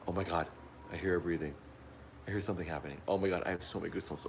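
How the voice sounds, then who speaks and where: A man livestreaming a horror game from a dark room at home, jumpy and easily frightened, repeating his exclamations over and over while recording on a phone. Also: low-pitched, fairly even intonation, quick pace, long pauses, slight background noise. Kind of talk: live gameplay commentary. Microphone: phone pointed at the TV.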